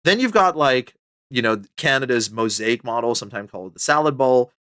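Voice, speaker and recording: Male author-guest, mid pitch, lively and chatty, dry close podcast mic. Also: a little fast, clean tone, dry recording. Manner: animated, chatty, full of fillers and pitch jumps. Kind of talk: casual conversational interview.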